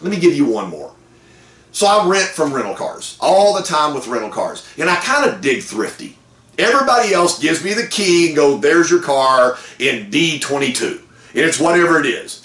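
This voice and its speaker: A man hosting a car sales meeting, giving an energetic, folksy motivational pep talk. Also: medium pitch, echoey room. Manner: energetic, folksy, lively with whoops.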